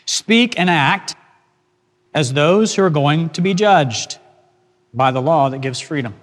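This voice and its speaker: A man preaching an expository sermon as pastor, emphatic and slowing down to stress key phrases. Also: on the high side, lively intonation. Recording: long hall reverb.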